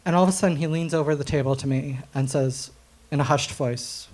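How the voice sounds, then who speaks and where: A young American man doing stand-up storytelling on stage at a comedy night, animated, often laughing at his own jokes, with plenty of ums and uhs. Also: a little high, brisk. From United States.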